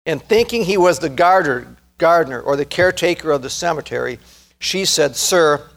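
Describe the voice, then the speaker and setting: Male preacher, high-pitched, earnest sermon delivery that slows and swells for emphasis. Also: fairly bright tone. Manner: earnest, rising to fervent emphasis, slows to stress key words. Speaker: pastor.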